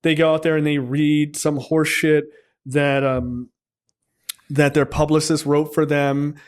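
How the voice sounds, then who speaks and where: Blunt, profane man, a bit high-voiced. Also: level tone, measured pace, clear, resonant tone. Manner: blunt and profane, loose rambling delivery. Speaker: podcast co-host. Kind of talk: casual film review chat.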